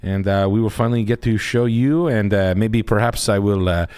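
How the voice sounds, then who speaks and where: A man voicing a pompous, crude French man with a put-on French accent, halting and full of fillers. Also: lowish voice, steady tone, darkish tone, clean tone, no echo, lightly acted. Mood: mock-serious.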